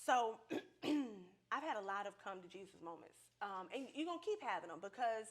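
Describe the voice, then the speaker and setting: A young woman, a podcast guest, telling stories in a casual, animated way, full of swearing and laughter. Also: medium pitch, moderate pace. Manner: profane, animated, laughing often. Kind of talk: casual storytelling. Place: podcast studio with a live audience.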